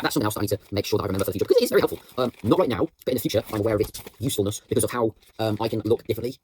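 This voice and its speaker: A man's voice: on the low side, darkish tone, a little hiss or hum. A young man, a drama student, rambling through a reflective voice note on his acting practice, with many fillers and restarts. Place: indoors at home.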